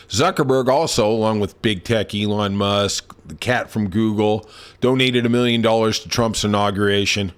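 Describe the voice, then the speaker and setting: A man's voice: on the low side, normal speed, clear, resonant tone. A middle-aged man hosting a political podcast, talking in a sarcastic, rambling commentary style and telling anecdotes. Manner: sarcastic, animated storytelling. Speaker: podcast host.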